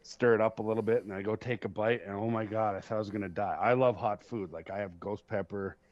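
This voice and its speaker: A man hosting a podcast, telling stories in a casual, profane, animated way and laughing at himself. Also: on the low side, fast, dry recording. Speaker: podcast host. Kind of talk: casual storytelling chat. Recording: dull lo-fi sound.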